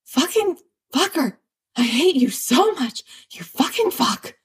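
A woman's voice: mid-range voice, slow pace. A woman voicing a flustered, put-upon teenage boy who yelps and whines in a story reading. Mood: panicked. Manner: panicky and whiny, yelps and curses. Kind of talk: audiobook character voice.

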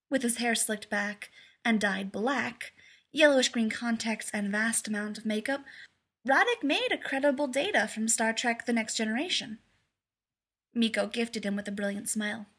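A woman narrating a fan fiction story aloud in a lively, amused way. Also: on the high side, moderate pace.

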